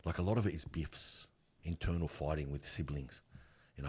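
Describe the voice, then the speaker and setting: A man's voice: a bass voice, moderate pace, darkish tone, slightly rough. A middle-aged man who works in funerals, telling heartfelt stories in an earnest, emphatic and slangy way, calling his listener "bro". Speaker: funeral worker and guest. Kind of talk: heartfelt conversational storytelling.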